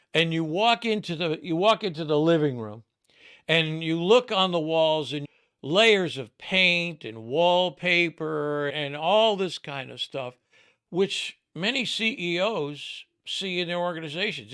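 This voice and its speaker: A man hosts a leadership podcast in a voice a little higher than most men's. His tone is bright and forceful, and he often breaks off and restarts his sentences as he thinks aloud. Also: clean tone. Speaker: podcast host. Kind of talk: interview conversation.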